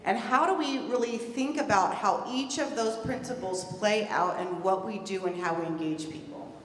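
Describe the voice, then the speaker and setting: A woman's voice: medium pitch, normal speed, fairly bright tone. Woman presenter, earnest and emphatic, distant from the mic, roomy hall echo, faint hum. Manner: earnest and emphatic, repeats key words. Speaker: presenter at a conference. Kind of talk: conference talk.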